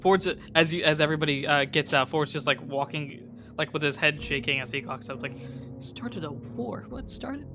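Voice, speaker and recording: A man narrating a tabletop role-playing game as game master, relaxed and chuckling. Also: a little high, fairly quick, noisy background.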